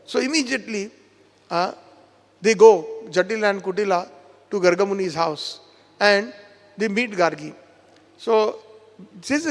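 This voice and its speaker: A man with a high, gravelly voice is giving a devotional lecture in a temple hall. He retells a scripture story at length and quotes each character himself. The room has a long, echoing reverb. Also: measured pace, pauses often. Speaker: spiritual teacher giving a seminar.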